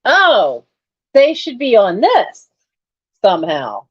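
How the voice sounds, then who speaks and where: Woman, casual unboxing chat, lively pitch, fairly high voice, dull lo-fi sound. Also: takes it slowly, breathy edge. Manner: chatty, exclaims over finds. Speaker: online reseller hosting a live sale.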